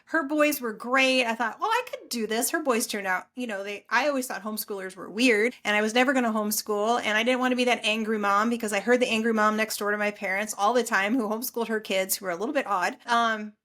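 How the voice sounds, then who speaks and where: A middle-aged woman telling her story as a podcast guest, chatty and animated, acting out quoted lines. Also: fairly high pitch, quick pace, few pauses. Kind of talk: casual storytelling interview.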